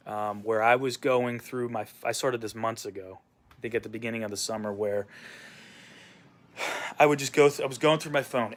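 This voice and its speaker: His voice is mid-range and a bit bright. A vlogger and musician, he rambles casually on camera about a former boss, venting with frequent fillers and asides that trail away.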